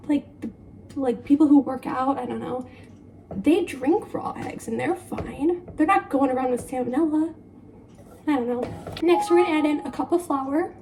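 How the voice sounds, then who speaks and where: A woman's voice: high-pitched, dark tone, a little hiss or hum. A young woman in her twenties chatting casually in her home kitchen while she bakes, rambling and laughing at herself. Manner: rambling, self-deprecating, laughs often. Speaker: vlogger. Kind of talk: casual chatty baking vlog.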